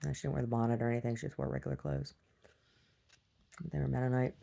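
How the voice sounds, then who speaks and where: Very low, gravelly-voiced woman rambling. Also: fairly even intonation. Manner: halting, full of restarts and "like", shouts when acting out quotes. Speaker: video diarist. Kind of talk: rambling casual storytelling.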